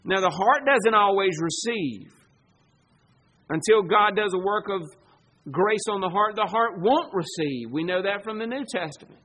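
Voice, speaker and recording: A man preaching a sermon, emphatic, asking rhetorical questions and swinging between loud declarations and hushed asides. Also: sits high, expressive, unhurried.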